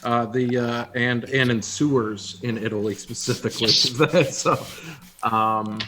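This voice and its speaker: Brief: male player, hesitant and halting, thinking aloud at the table. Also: mid-range voice, fairly even intonation, bright, forceful tone, a little hiss or hum. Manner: hesitant, many fillers and restarts, chuckling. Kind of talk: casual tabletop role-play talk.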